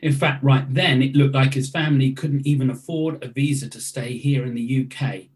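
A man giving a devotional talk, reading aloud a personal reflection he wrote, with reflective storytelling that drops to hushed, trailing phrases and then rises to sudden loud emphasis. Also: mid-range voice, fairly even intonation, normal speed, hardly any pauses.

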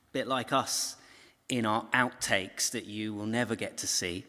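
A man's voice: lowish voice, moderate pace, sharp tone. A man giving a recorded Bible teaching talk, telling the story conversationally with asides to his viewers. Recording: long hall reverb.

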